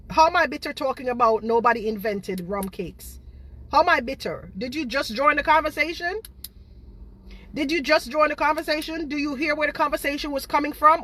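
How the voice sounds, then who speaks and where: Jamaican woman, indignant ranting baker, bright and forceful tone, repeats herself, fires rhetorical questions. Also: high-pitched, normal speed. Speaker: baker running her own cake business. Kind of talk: ranting livestream monologue.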